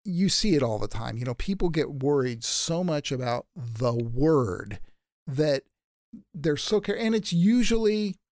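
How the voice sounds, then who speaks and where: A man's voice: a little high, lively intonation, a little slow, a little mellow, dry recording, studio quality. A man co-hosting a casual conversation, speaking in an emphatic, opinionated way.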